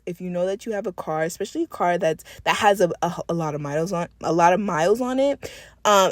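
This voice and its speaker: A woman's voice: fairly low pitch, dry recording, clean studio sound. A woman chatting casually while doing nails, swearing freely and laughing often as she tells a story. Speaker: nail tech vlogger. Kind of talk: casual chat while working.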